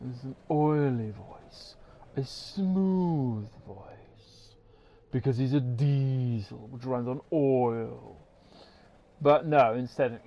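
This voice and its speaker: A man's voice: mid-range voice, slow pace. An English man streaming a game, ranting casually and swearing freely. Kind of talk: casual livestream commentary.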